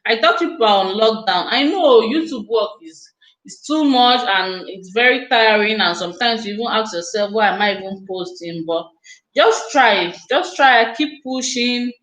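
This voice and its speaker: A woman's voice: on the high side, lively intonation, normal speed, a bit bright, echoey room, poor audio. A woman hosting a casual live stream, chatting effusively and speaking straight to her viewers.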